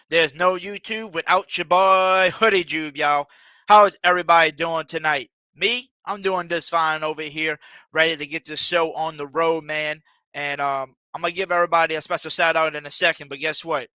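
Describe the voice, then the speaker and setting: A man's voice: a little high, pushed and bright, smooth, dry recording. A man hosting a live podcast, talking in a hyped, loose and joking way. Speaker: host.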